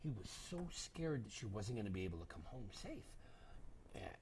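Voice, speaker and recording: An older man telling a story to children, dramatic and animated, dropping to whispers and acting out voices. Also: lowish voice, normal speed, a little hiss or hum.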